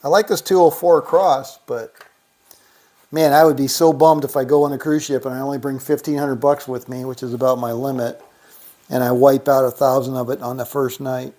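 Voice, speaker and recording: A man hosting a casual livestream, counting out money and reading viewer comments aloud in a relaxed, thinking-aloud way. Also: medium pitch, moderate pace. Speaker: livestream host. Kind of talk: casual live-stream chat.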